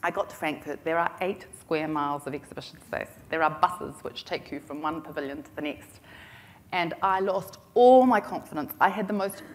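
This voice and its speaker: Middle-aged New Zealand woman, lowish voice, chatty anecdotal conference speaker with a self-mocking wit. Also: normal speed. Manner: chatty, self-deprecating, humorous. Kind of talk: storytelling business talk.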